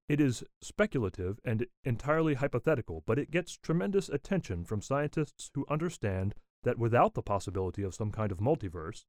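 A man reading a written nonfiction text aloud in a measured, deliberate way, speaking the citations and quote marks as he goes. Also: mid-range voice, darkish tone, no room sound, clean studio sound.

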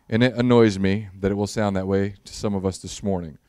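Guy pastor giving a chatty funny sermon, lowish smooth voice, dry close mic. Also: steady tone, brisk, few pauses, dark tone, no echo. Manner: casual storytelling with humor, rising to earnest prayer. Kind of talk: conversational sermon.

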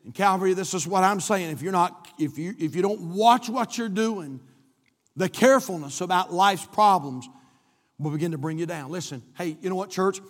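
A man's voice: high voice, moderate pace, in a large hall. A male pastor delivering an emphatic, repetitive sermon in a church, swinging his delivery up and down. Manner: emphatic, repetitive preaching with rising and falling delivery. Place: church sanctuary, live-streamed.

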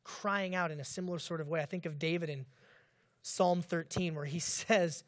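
A man's voice: fairly high pitch, lively intonation, moderate pace. A male pastor preaching a sermon who asks the congregation questions and acts out the cries of the people in the story.

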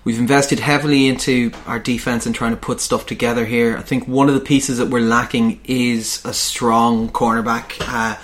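Man, podcast host, laid-back, jokey, casual swearing, mid-pitched voice. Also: little pitch movement, moderate pace, few pauses, fairly bright tone. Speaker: podcast host running a mock draft. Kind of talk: casual joking chat.

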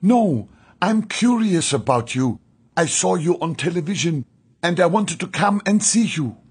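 A man voicing a devout young woman training as a nurse, who speaks in an insistent, pleading, slow and deliberate manner. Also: sits high, expressive, a little mellow, husky, voice pushed up, heavily acted. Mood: friendly. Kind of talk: audiobook character voice.

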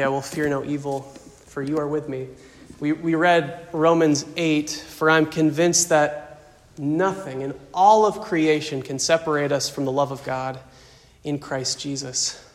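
A man preaching a farewell sermon as pastor, speaking softly and emotionally with slow pauses. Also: on the high side, big-room sound.

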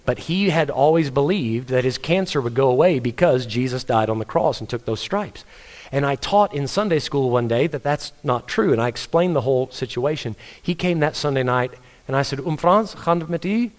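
A male pastor preaches in an earnest, conversational way. His voice sits at an ordinary middle pitch. He tells stories and speaks to the congregation directly. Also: expressive, moderate pace. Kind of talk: sermon.

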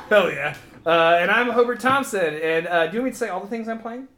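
Giggly, lively tabletop player. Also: medium pitch, brisk, reverberant. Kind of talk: casual tabletop game play.

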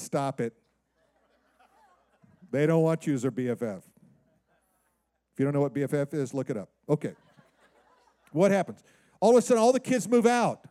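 A pastor preaching a sermon in an animated way, acting out the voices of the people he quotes. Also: a little high, smooth, dry recording.

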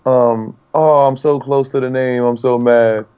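A young man chatting casually on a podcast, excitable and swearing freely, tripping over his words as he hunts for a name. His voice sits at an ordinary middle pitch. The recording sounds slightly dull and lo-fi. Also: measured pace, smooth. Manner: excitable, profane, stumbles while searching for words. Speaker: podcast co-host. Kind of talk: casual chat.

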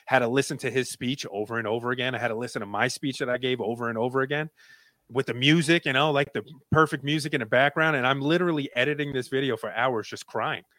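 A man as a conversation guest, telling a personal story in an earnest, heartfelt way that softens when he turns reflective. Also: medium pitch, quick pace, no echo, studio quality.

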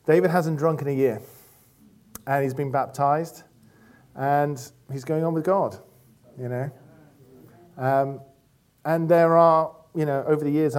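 A man giving a relaxed, conversational church talk, full of anecdotes and fillers. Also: medium pitch. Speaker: church speaker.

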